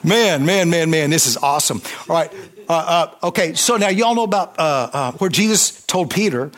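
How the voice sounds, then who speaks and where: A man preaching a sermon, fervent, with call-and-response and swings between loud emphasis and quiet intensity. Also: fairly high pitch, animated, fairly quick, few pauses.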